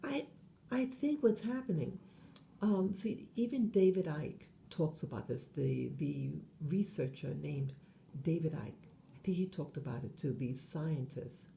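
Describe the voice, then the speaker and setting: A woman's voice: sits low, lively intonation, unhurried, vocal fry, dark tone, a little hiss or hum. A woman hosting her channel, talking in a meandering monologue full of fillers and self-corrections. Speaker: channel host. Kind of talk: rambling monologue.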